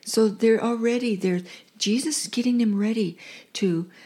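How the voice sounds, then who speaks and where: Woman reading bible verses and explaining them, earnest, kinda husky, soft mellow tone. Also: fairly high pitch, normal speed. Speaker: Bible teacher and co-host. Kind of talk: radio Bible teaching, reading scripture aloud.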